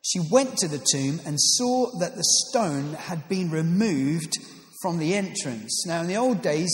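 A playful pastor with a high-pitched voice reads scripture and preaches with jokey asides. His voice rings around a church hall with long reverb. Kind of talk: sermon with scripture reading.

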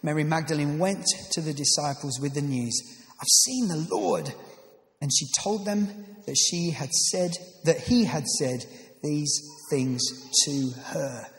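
A man's voice: a little high, unhurried. A man preaching a sermon, reading scripture aloud and adding playful, jokey asides. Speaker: pastor. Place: church. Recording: echoey reverberant church hall.

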